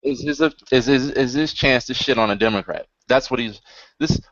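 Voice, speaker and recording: A man's voice: mid-range voice, normal speed, dry recording, highs cut off. A man co-hosting a casual podcast chat, riffing sarcastically and swearing freely. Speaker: podcast co-host.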